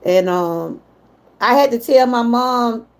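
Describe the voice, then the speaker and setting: A woman's voice: fairly high pitch, slow pace. A middle-aged woman with a Southern US accent, chatting casually with viewers on a livestream and getting emotional when she talks about her mother. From Georgia, US. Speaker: livestream host.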